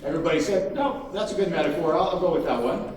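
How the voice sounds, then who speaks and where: A man giving a conference keynote, animated and emphatic, acting out quotes from crowds. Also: a little high, fast talker, slight background noise. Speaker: keynote speaker. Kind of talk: conference talk. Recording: echoey hall from far off, faint ambience.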